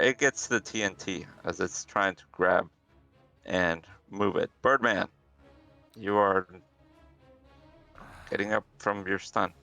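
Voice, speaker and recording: A man's voice: fairly low pitch, creaky, pushed and bright. A man running a tabletop game as game master, casually counting out moves and narrating the scene. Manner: casual, counts out movement aloud.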